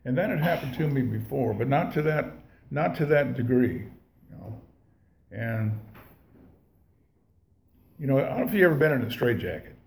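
Gravelly and darkish, a medium-pitched male voice moves at normal speed, animated but broken by long pauses. He rambles through his recovery story for an audience, folksy and profane, starting over again and again. The room echoes, with slight background noise.

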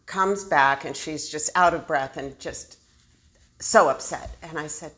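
A woman's voice: deep voice, measured pace, pushed and bright. A woman candidly telling her own recovery story, self-deprecating and laughing often. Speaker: speaker sharing a recovery story. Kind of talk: personal storytelling.

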